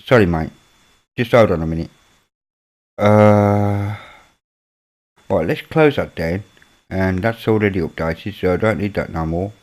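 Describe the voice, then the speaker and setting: A man's voice: lowish voice, unhurried, long pauses, a little mellow. A man with a Birmingham accent chats casually on a live stream. He reads out comments from viewers as they come in and mutters to himself while he works. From Birmingham, England. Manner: chatty, mutters while working on his computer. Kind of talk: casual chat with chat readers.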